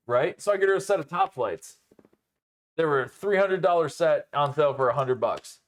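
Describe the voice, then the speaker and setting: A man's voice: medium pitch, normal speed. A young man co-hosting a podcast, telling rambling, profane stories in casual chat and leaning on filler words.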